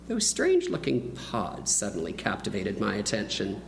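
A man delivers a sermon as a vivid personal story. His pitch rises and falls freely as he acts out the moments. A soft mains hum sits faintly underneath. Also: moderate pace, rough recording. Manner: animated storyteller who acts out the quoted voices. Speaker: preacher.

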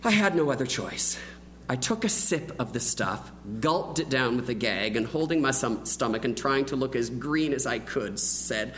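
A man delivers a sermon as a vivid personal story. His pitch rises and falls freely as he acts out the moments. A soft mains hum sits faintly underneath. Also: moderate pace, low-quality recording. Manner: animated storyteller who acts out the quoted voices. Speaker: preacher.

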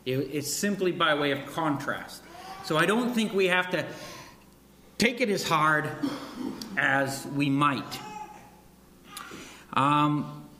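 A man's voice: on the high side, animated, slow pace, pauses often, pushed and bright, echoey room, slight background noise. A man preaching a sermon in a conversational way, with frequent asides and restarts. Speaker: pastor.

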